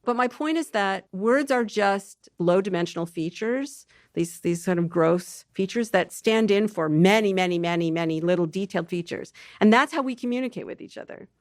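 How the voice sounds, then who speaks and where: A woman scientist guest explaining how emotions work in a relaxed podcast conversation, thinking aloud with restarts and playful asides. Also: mid-range voice, normal speed, hardly any pauses, dry recording, studio quality.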